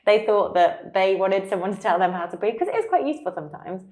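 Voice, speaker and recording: A woman's voice: mid-range voice, expressive, fast talker, darkish tone. A woman, co-hosting a casual chat, talking chattily, trailing off mid-sentence and laughing often. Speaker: podcast co-host.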